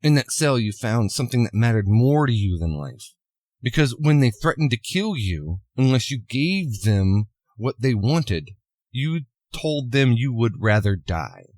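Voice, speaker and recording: A man voicing a calm, solemn masked male vigilante, speaking in a measured, earnest way. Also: medium pitch, no echo. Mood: urgent.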